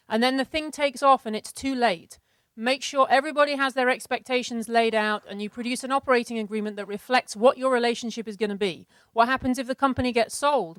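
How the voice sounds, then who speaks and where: A middle-aged woman co-presenting a seminar, giving brisk, organized practical business advice. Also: a little high, no room sound.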